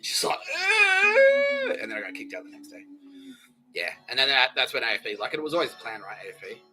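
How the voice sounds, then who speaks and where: An Australian man hosting a solo comedy podcast, rambling and profane, laughing often and slipping into quick impressions. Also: medium pitch, animated, bright, forceful tone, soft background music, low-quality recording. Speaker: podcast host.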